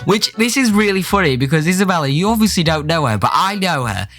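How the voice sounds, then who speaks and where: A young man telling jokes in a sarcastic way as he reads out chat messages, now and then breaking into shouts. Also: on the high side, very animated, fast talker, faint music behind. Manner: sarcastic, jokey, bursts into shouting. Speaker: YouTuber. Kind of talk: comic storytelling, reading out chats.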